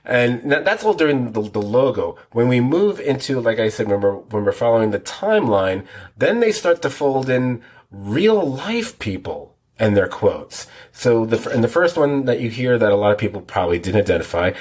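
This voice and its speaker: A man's voice: fairly low pitch, breathy edge. A man co-hosting a TV podcast, rambling through details in a casual, self-deprecating way. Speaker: podcast co-host. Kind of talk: casual chat.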